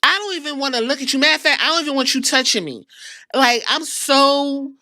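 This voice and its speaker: A woman voicing a betrayed woman wrestler who ends a friendship, talking fast and incredulous with a raised voice. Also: sits high, animated, bright, forceful tone, no echo, voice pushed up.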